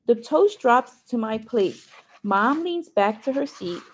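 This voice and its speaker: Husky woman reading a novel aloud. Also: fairly high pitch, expressive, takes it slowly. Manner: chatty asides to listeners. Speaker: reader.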